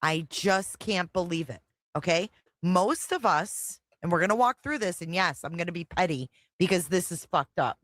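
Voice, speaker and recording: A woman's voice: fairly low pitch, animated, moderate pace, fairly bright tone, no room sound, clean studio sound. A woman hosting a casual reaction stream, blunt, profane and exasperated as she comments. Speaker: livestream commentary host.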